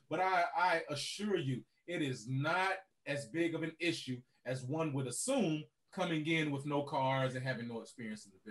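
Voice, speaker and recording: Man with a high voice, animated business-owner guest, keeps checking in with "right?". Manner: animated, keeps adding "right?" to his points. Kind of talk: casual podcast conversation.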